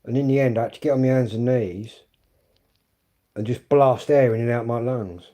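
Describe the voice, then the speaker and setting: A man's voice: mid-range voice, steady tone, moderate pace, warm tone. An English man in his fifties ranting bluntly and swearing a lot in a live stream monologue. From England. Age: 50s. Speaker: livestreamer.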